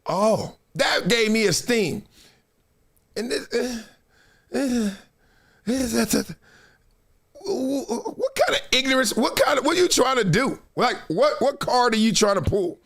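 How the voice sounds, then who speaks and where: A middle-aged man hosting a live sports talk show, animated and emphatic, often laughing. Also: extremely high pitch, measured pace. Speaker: host.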